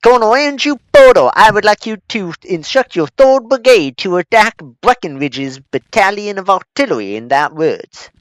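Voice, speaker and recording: A man putting on a pompous male army commander with a Southern US accent, issuing formal orders in a booming, theatrical way. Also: sing-song, moderate pace, hardly any pauses, clean tone, dry recording. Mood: commanding. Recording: slightly dull lo-fi recording.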